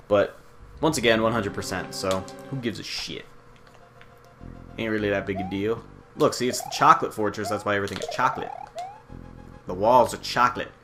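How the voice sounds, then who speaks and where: A man's voice: on the low side, a bit bright. Rambling, joking American guy with game music. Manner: rambling, profane, joking asides. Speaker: let's play host. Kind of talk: casual gameplay commentary. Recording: game music playing under the voice.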